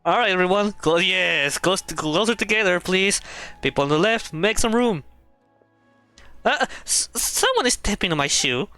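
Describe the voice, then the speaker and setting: A woman's voice: fairly low pitch, animated, moderate pace, a bit bright, no echo, faint music behind. A woman streaming a video game, reading the dialogue aloud and reacting emotionally, laughing and stammering often. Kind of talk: casual gameplay commentary, reading dialogue aloud.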